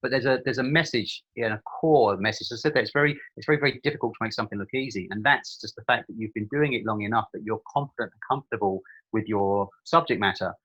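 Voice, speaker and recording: A fast-talking, low-voiced middle-aged Irish man rattles through his stories as an interview guest, restarting sentences and slipping in humour. The audio is dull and lo-fi. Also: a bit bright, husky. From Limerick, Ireland. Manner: chatty storyteller with frequent restarts and humour. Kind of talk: casual interview chat.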